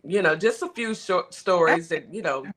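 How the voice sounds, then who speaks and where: A podcast host closing the show in a relaxed, chatty way with many fillers. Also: mid-range voice, moderate pace. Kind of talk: casual podcast chat.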